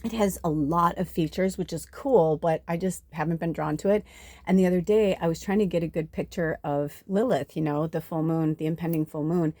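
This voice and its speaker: A woman's voice: on the low side, brisk, darkish tone, no echo. A woman in her forties, a spiritual reader, telling a personal story in a chatty, emotional way, acting out what others said and swearing freely. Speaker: spiritual reader and channel host. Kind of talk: casual storytelling to camera.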